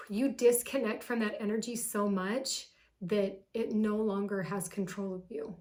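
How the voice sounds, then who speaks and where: A woman's voice: medium pitch, steady tone, measured pace, darkish tone. Affectionate woman giving a tarot reading. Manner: emotional, affectionate, gushing, sighing "whew". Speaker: tarot card reader. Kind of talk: casual tarot reading to camera.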